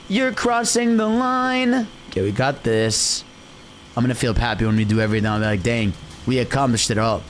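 A young man offers easygoing commentary while streaming a game from his bedroom, humming and egging himself on. His voice is medium-pitched, with slight background noise behind it.

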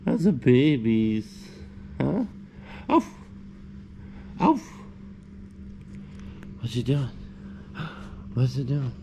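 Man, gravelly, slow, baby talk to puppies, casual vlog, faint background noise. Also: expressive, warm tone. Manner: baby talk to puppies, high and sing-song at times. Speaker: vlogger showing puppies.

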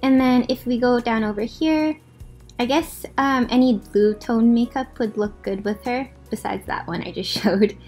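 A young woman with a slightly high voice chats casually as she walks through a game. She gushes, apologizes in asides and rambles on, with faint music playing underneath. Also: normal speed, a little mellow. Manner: chatty, apologetic asides, gushing about outfits. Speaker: gaming video host. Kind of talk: casual gameplay commentary. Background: faint background music.

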